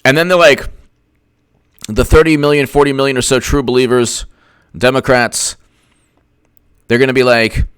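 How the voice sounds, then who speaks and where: A man's voice: medium pitch, fairly even intonation, moderate pace, long pauses, a bit bright, smooth, dry recording, clean studio sound. A man hosting casual livestream commentary, sarcastic and mocking, who laughs often and answers viewers' chat. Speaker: political commentator, host.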